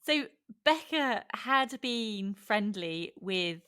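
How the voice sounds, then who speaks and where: A woman's voice: medium pitch, animated, drawn-out words, bright, forceful tone, clean tone. A woman co-hosting a podcast, reacting with exclamations and asking follow-up questions. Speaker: podcast co-host. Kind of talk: conversational discussion.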